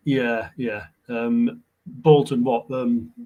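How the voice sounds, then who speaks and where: Wigan bloke on a video call, laid back, lots of ums. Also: male voice, medium pitch, steady tone, drawn-out words, highs cut off. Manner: plain-spoken, laid-back, full of ums. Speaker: guest. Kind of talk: casual chat on a live stream.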